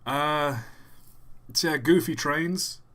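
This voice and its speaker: A man's voice: a little high, slow, a bit bright. A man hosting a live stream in a casual, chatty way, reading out viewers' messages and answering them offhandedly.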